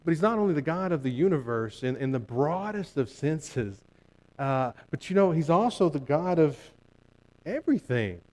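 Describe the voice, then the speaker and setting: A man's voice: on the high side, sing-song, normal speed, a little mellow, rough recording. A male pastor preaching a sermon earnestly, building emphasis through repeated phrases and frequent restarts.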